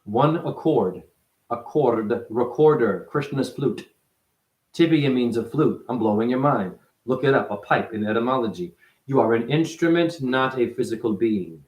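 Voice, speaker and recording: A man giving a rambling, profane spiritual monologue as a self-styled teacher, his voice jumping up and down in pitch. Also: animated, normal speed, a little mellow. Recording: echoey room.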